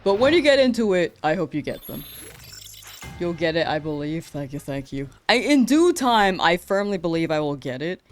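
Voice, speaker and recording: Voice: mid-range voice, sing-song, moderate pace, faint music behind. Tired, rambling game streamer. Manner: rambling, self-correcting, laughs often. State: tired after a long stream. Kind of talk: casual live-stream chat. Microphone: close to the mouth.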